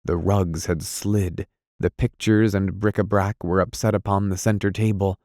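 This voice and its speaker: Low-voiced man reading an audiobook. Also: flat delivery, darkish tone, no echo, clean studio sound. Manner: measured, deliberate reading. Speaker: audiobook narrator. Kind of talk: scripted narration.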